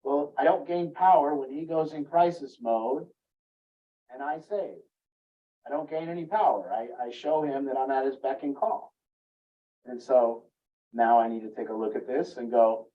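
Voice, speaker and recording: A family recovery coach gives an earnest teaching talk to parents about relationships, and his voice goes up in pitch when he acts out what a parent might be thinking or saying. He speaks at a moderate pace, and the recording is distant with the high frequencies cut off.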